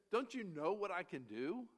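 A man delivers a verse-by-verse sermon, his voice sitting a little high for a man. His pitch leaps and falls with great liveliness as he moves between loud, emphatic lines and hushed, almost whispered asides. Scripture passages come slow and measured, in a stately old-fashioned cadence. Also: big pitch swings. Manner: reads verses in slow King James cadence. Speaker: preacher. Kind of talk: expository sermon reading scripture.

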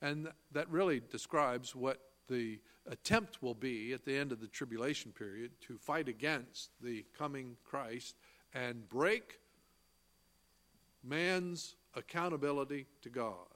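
Slow, emphatic male preacher. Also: mid-range voice, fairly bright tone. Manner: slow, emphatic delivery, quoting scripture in old-fashioned wording; asks the listeners questions and answers them himself. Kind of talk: sermon with scripture reading.

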